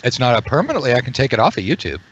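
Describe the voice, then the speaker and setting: Rambling game master, muffled call. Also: male voice, medium pitch, huge pitch swings, racing, a bit bright, breathy edge. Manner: rambling, repeats words when joking. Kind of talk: running an online tabletop game.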